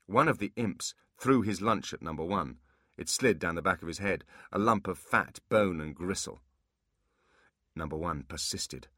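A man narrating a fantasy audiobook with expressive storytelling. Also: low-pitched, no room sound, clean studio sound.

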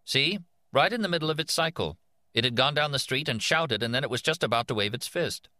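A man's voice: mid-range voice, lively intonation, sharp tone, no room sound, clean studio sound, pitched above the performer's own voice. A man doing a cheerful middle-aged machine woman. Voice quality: brisk, cheerful.

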